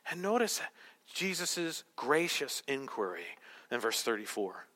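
A male pastor preaching a sermon to a congregation, swinging from loud, emphatic declarations to hushed whispers. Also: medium pitch, sing-song, unhurried. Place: church hall with congregation.

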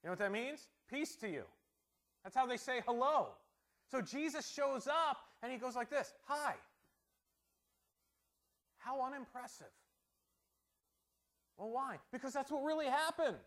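A middle-aged male pastor preaching a conversational sermon, asking rhetorical questions and swinging between loud emphasis and quiet asides. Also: very high-pitched, expressive, moderate pace, pauses often.

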